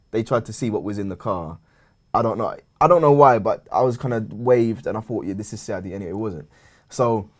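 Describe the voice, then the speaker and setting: A young man, telling a story to friends in casual slang. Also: fairly low pitch. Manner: London slang, acts out the scene with raised loud quoted voices. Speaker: show regular telling a story. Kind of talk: animated storytelling among friends.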